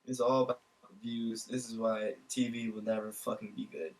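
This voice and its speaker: A man's voice: fairly low pitch, flat delivery, moderate pace, rough recording. A man co-hosting a casual podcast chat, ranting and swearing in exasperation. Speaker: podcast co-host.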